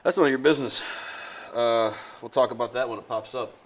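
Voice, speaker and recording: A man's voice: medium pitch, a little fast. A man hosting a casual podcast, sarcastic and teasing, swearing freely as he talks. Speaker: podcast host.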